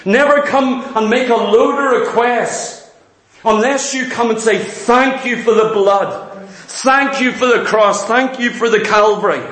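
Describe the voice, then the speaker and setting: Man, northern english accent, high voice, fervent preacher, echoey church hall. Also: fairly bright tone. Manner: fervent, quick preaching with rhetorical questions. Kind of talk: sermon.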